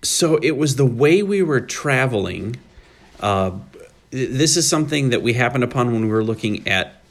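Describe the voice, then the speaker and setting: A man co-hosting a podcast, chatting casually in a halting, rambling way with many restarts. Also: mid-range voice, animated. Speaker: podcast co-host. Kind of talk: casual chat.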